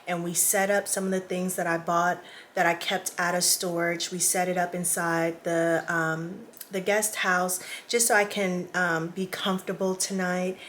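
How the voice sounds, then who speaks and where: A woman's voice: on the low side, flat delivery, unhurried, few pauses, a bit bright, slight background noise. A woman vlogger talking casually to camera in a small indoor guest room. She is emotional and close to tears, and chats directly with her viewers. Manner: chatty, addresses viewers directly.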